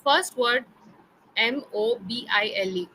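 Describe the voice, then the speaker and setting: A young woman teaches pronunciation in an online lesson, her voice bright and a little high. She spells words slowly, letter by letter, and keeps checking that her student follows. A faint hiss sits under the recording. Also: rough recording. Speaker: English tutor.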